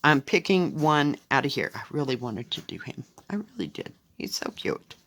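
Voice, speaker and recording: A woman chatting casually at home as she shows her cross-stitch projects, rambling and unhurried. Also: a bass voice, sing-song, fairly bright tone, low-quality recording. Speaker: cross-stitch video host. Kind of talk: casual crafting chat.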